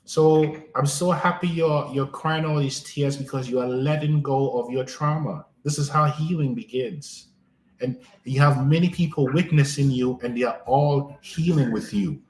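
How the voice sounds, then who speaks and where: A man's voice: medium pitch, normal speed, darkish tone, slight background noise. A man hosting a live coaching stream, offering repetitive and affirming spiritual encouragement to a caller. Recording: roomy sound with faint music.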